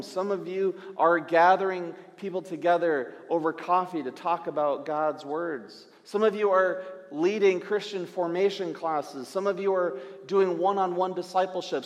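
A man preaching a sermon as pastor in a church, emphatic and repeating phrases in long lists. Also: high voice. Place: church sanctuary. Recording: long church-hall reverb.

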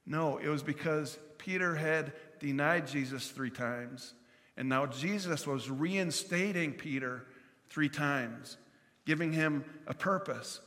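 A man's voice: on the high side, takes it slowly, a bit bright, big-room sound. A man preaching a sermon as pastor, earnestly acting out the Bible dialogue.

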